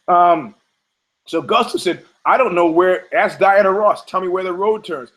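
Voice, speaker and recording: A man's voice: high-pitched, normal speed, a bit bright, rough recording. A man hosting a podcast, delivering a rambling, profane comedic monologue and acting out quoted characters in funny voices. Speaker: podcast host.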